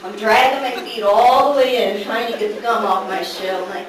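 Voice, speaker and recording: A middle-aged woman telling a family story to a live audience, animated and laughing through the funny parts. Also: medium pitch, a little fast, hardly any pauses. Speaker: daughter telling a story at a gathering. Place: large echoey room at a family gathering. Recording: echoey room, far from the mic, background noise.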